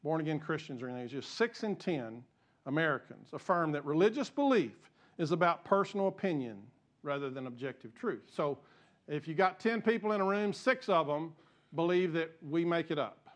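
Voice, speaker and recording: Man, pastor, church sermon, high-pitched voice, impassioned, repeats himself. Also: expressive, brisk. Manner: impassioned, gets fired up and rises in pitch; repeats and restarts phrases. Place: church sanctuary.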